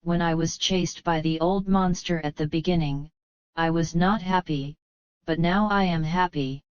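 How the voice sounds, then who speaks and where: Brief: weepy young heroine in a storybook, voiced by a woman. Low-pitched, unhurried, slightly muffled. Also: smooth, dry recording, close to an everyday voice. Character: tearful, lonely young heroine.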